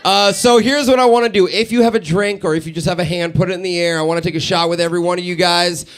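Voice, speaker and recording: A man doing a stand-up set in a radio station's live studio, animated and laughing at his own jokes. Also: high voice, fast. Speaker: stand-up comedian.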